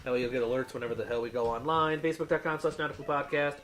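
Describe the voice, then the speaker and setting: A man's voice: mid-range voice, monotone, rapid-fire, fairly bright tone, a little hiss or hum, rough recording. A man co-hosting a podcast in casual chat, rambling with many fillers and restarts. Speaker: podcast co-host.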